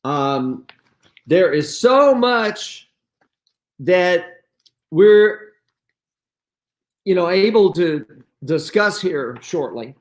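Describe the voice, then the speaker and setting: Slow, rambling man clearing his throat. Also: high-pitched, big pitch swings. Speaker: host. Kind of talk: solo video commentary showing papers and photos to camera. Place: at home, items on his wall.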